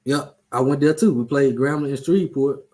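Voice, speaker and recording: A man's voice: medium pitch, a little fast, warm tone. A man hosting a casual sports chat show, talking loosely, joking and trash-talking. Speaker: show host.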